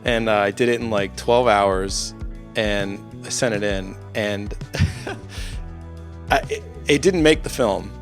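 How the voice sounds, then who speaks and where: Brief: male composer guest, low voice, thoughtful and halting, faint music behind. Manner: reflective, halting, many restarts. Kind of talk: casual conversation.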